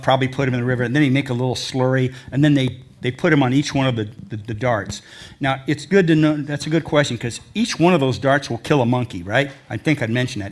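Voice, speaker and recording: An older man giving a presentation to an audience, telling rambling, folksy stories from his travels. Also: mid-range voice. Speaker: adventure travel speaker. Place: lecture hall before an audience.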